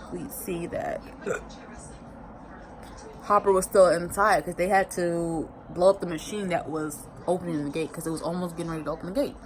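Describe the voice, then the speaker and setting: A woman's voice: lowish voice, a little hiss or hum, low-quality recording. Rambling, emotional woman vlogger. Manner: emotional, rambling, repeats herself; colloquial, expressive. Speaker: vlogger recapping a TV season. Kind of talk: casual emotional recap.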